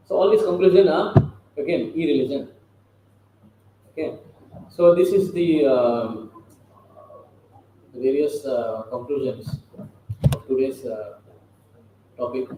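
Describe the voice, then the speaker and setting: A man's voice: fairly high pitch, warm tone. A man giving a scripture lecture in a conversational way, often checking with listeners through rhetorical questions. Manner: conversational, keeps asking the audience rhetorical questions. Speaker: scripture class speaker. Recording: very echoey room with faint noise.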